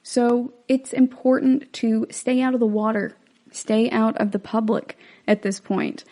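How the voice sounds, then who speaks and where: A woman's voice: on the high side, steady tone, unhurried, dark tone. Chatty woman podcast host. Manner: chatty, explanatory, acts out quotes. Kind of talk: casual film commentary.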